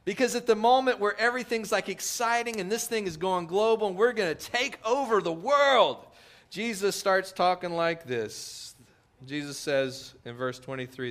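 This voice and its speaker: Animated male pastor preaching a sermon. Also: normal speed. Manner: animated, acts out quotes with big swings in pitch and loudness.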